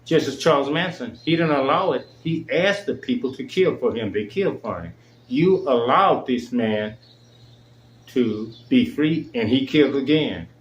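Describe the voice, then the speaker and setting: Furious male show host, emphatic rant, middle pitch, roomy echo. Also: expressive, measured pace, slight background noise. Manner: indignant, emphatic. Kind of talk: angry monologue. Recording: echoey room.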